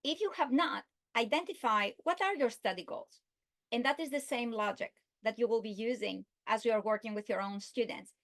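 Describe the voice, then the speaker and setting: A woman giving an instructional video lesson, speaking slowly and deliberately and stretching out her example words. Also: a little high, fairly bright tone. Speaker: literacy instructor.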